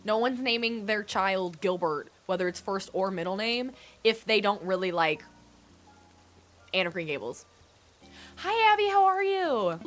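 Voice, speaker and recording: A woman's voice: medium pitch, moderate pace, a bit bright, faint music behind. A young woman streaming a game, chatting casually and answering her chat, with a stuffy nose. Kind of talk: casual chat while gaming.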